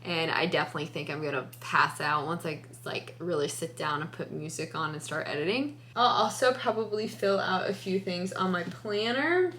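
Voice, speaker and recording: A woman's voice: fairly low pitch, normal speed, few pauses, fairly bright tone, slight background noise. A young woman vlogging casually about her crochet business, tired and chatty with lots of "like" fillers. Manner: chatty, rambling, frequent "like" fillers. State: tired and sleepy. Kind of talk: casual vlog talk to camera.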